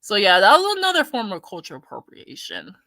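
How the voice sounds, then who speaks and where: A woman talks straight into the mic in a blunt, indignant commentary style, swearing freely as she works through the story and reads viewer comments aloud. Her tone is bright and forward, and the sound is dry and close with no room around it. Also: medium pitch, wildly swooping pitch, fast talker, no echo. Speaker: commentary host. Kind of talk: casual opinion commentary.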